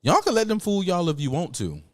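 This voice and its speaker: A man's voice: high-pitched, big pitch swings, fairly quick, dry recording. A man hosting a political commentary show, slangy and emphatic, repeating lines for effect.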